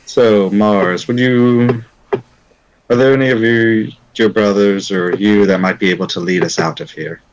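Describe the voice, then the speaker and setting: Casting note: very low-voiced man, hesitant, rambling player. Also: steady tone, a little slow, a little hiss or hum, low-quality recording. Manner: hesitant, rambling, full of restarts. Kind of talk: casual tabletop role-play.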